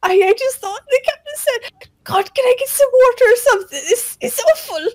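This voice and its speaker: A woman voicing a timid young male gnome deckhand, high and panicked as he sobs. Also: animated, brisk, no room sound. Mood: pleading.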